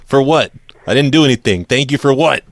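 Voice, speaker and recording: A man's voice: mid-range voice, lively intonation, fairly quick, dry recording, lightly acted. A man voicing a fake phone-company customer service rep who stammers, bumbles and gets defensive.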